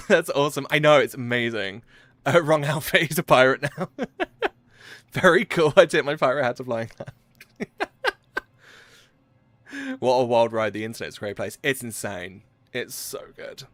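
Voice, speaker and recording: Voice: mid-range voice, moderate pace, pauses often, fairly bright tone, no room sound. A game streamer, talking live in an effusive, exclaiming way and swearing freely.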